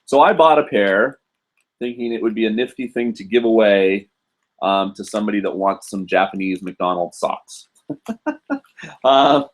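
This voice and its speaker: A man's voice: lowish voice, normal speed, pauses often. A man hosting a casual live stream from home, chatting loosely with lots of fillers and restarts. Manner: rambling, many fillers and restarts.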